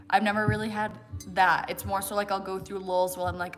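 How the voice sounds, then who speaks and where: A woman's voice: on the low side, level tone, fast, few pauses, fairly bright tone, soft background music. A young American woman in her twenties hosting a livestream, chatting casually and answering viewer questions with lots of fillers. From United States. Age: 20s. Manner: chatty, many fillers and "like", laughs often. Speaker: fitness livestream host.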